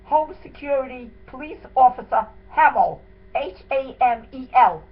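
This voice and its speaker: A woman's voice: high voice, expressive, a little slow, breathy edge. A woman giving an emotional, indignant first-person account of what happened to her and her husband. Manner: indignant, dramatic retelling. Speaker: wife telling her story. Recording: tinny phone-like sound with faint hiss.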